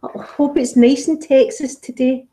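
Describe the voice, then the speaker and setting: A woman's voice: sits high, fairly even intonation, a little slow, dark tone. A woman with a Scottish accent, an ASMR channel host, chatting casually and rambling as she answers viewer comments. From Scotland. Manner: chatty and rambling, with frequent fillers. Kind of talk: casual live chat, reading viewer comments.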